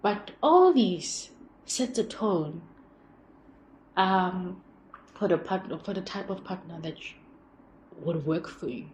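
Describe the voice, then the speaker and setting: A young woman hosting her own show, telling personal stories in a rambling, expressive, reflective way. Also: lowish voice, takes it slowly, pauses often. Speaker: podcast host. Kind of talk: personal storytelling monologue. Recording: echoey room with faint background hum.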